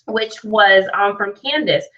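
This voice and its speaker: A woman's voice: medium pitch, slow, pushed and bright. A woman hosting an online business training, talking in an upbeat, chatty way and often checking in with "right?". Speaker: host and sales trainer. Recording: dull lo-fi sound, slightly distant mic.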